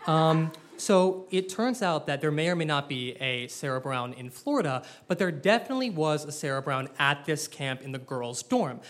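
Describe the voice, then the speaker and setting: A young man telling a personal story live to an audience, wry and self-deprecating, with animated delivery. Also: fairly high pitch, moderate pace, hardly any pauses.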